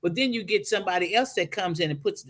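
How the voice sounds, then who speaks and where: A woman guest speaker on a podcast, telling a story in an animated preaching style. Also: mid-range voice, fast talker. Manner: animated storytelling, acts out voices.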